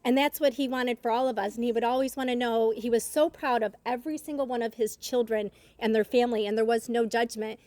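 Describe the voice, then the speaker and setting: A middle-aged woman giving an earnest, reflective family tribute at a gathering, telling personal stories with many small pauses. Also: fairly high pitch, steady tone, darkish tone, no room sound. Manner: earnest, reflective storytelling with fillers.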